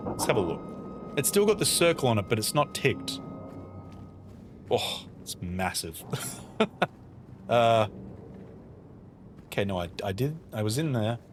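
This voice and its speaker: A man's voice: medium pitch, very animated, a little slow, pauses often, over music. A man casually streaming a game, chatting with his viewers and muttering to himself as he plays. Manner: chatty, reads and answers chat messages; playful, mutters to himself while playing. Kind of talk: casual live-stream chat while gaming.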